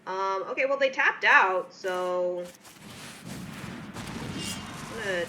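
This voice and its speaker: Woman, streamer, bright clear tone, casual wry commentary, chatty. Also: medium pitch, very slow, slight background noise. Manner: wry, chatty, self-deprecating. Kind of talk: casual live-stream commentary while playing.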